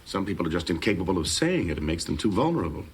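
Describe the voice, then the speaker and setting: An actor playing a man in a sitcom who gives advice in a measured, lecturing way. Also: deep voice, very animated, breathy edge, full character voice. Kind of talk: sitcom acting.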